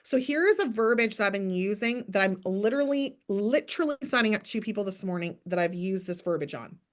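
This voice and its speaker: A woman in her thirties coaching a sales team in a lively, chatty way, acting out sample messages as she goes. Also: medium pitch, fairly quick. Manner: energetic, chatty, acts out sample messages in bright voices. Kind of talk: motivational coaching talk.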